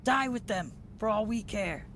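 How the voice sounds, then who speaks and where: A man voicing a haughty, angry old mansion master in a tabletop game, yelling with indignation over a noisy background. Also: high-pitched, expressive, a little slow, pitched above the performer's own voice, full character voice. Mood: contemptuous.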